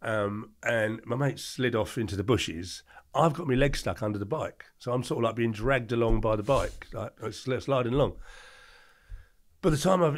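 A middle-aged man telling animated anecdotes as a podcast guest, acting out the quotes in his stories. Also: medium pitch. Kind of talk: casual storytelling.

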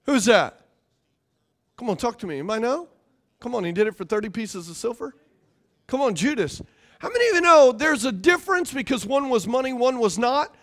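A man pastor preaching a sermon in a conversational, animated way, often repeating his phrases. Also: extremely high pitch, fairly quick.

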